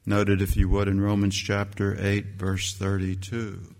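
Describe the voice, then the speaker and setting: A man's voice: monotone, unhurried. A man preaching a sermon as pastor, emphatic, with his voice leaping up on key phrases. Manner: emphatic preaching that leaps higher and louder on scripture quotes. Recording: long hall reverb.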